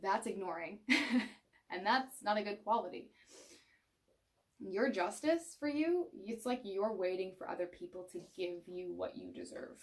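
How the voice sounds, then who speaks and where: A woman's voice: mid-range voice, expressive, a little slow, distant mic. Chatty woman reading tarot, a bit off-mic. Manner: chatty, frank, laughs often, acts out quoted thoughts. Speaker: tarot reader. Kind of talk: casual spoken tarot reading.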